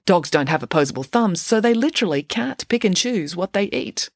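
A woman's voice: lowish voice, lively intonation, a little fast, no echo, studio quality. A woman voicing an unflappable, matter-of-fact young girl detective in a storybook reading. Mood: explaining.

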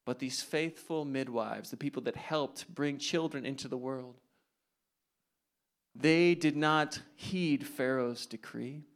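A man preaching a sermon, retelling a scripture story dramatically and dropping to hushed asides. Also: medium pitch, slow.

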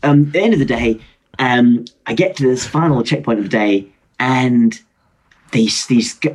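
Husky young man telling a rambling story. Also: mid-range voice, moderate pace. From Britain. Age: 20s. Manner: rambling, self-mocking, lots of fillers and restarts. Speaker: guest. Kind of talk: casual storytelling on a video call. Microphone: video call.

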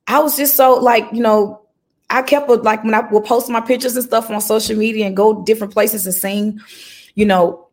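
Animated woman giving emotional testimony. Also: medium pitch. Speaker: gospel recording artist, guest. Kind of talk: conversational interview.

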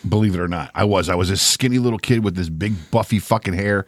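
A man's voice: low-pitched, fast talker, dry recording, clean studio sound. An older man, a podcast co-host, telling a story in casual, profane talk and acting out the voices. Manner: profane, animated storyteller who acts out voices.

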